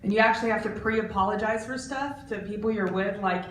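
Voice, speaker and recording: A woman in her forties doing a stand-up comedy set, animated and lively, jumping into loud, high voices for the people in her stories. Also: a little fast, hardly any pauses. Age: 40s. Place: art center stage. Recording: roomy, distant, faint background noise.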